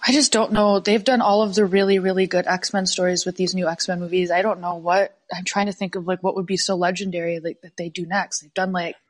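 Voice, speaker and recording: A woman's voice: lowish voice, steady tone, brisk, few pauses. A woman guest on a podcast, chatting casually, laughing often and trailing off mid-thought. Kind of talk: casual chat.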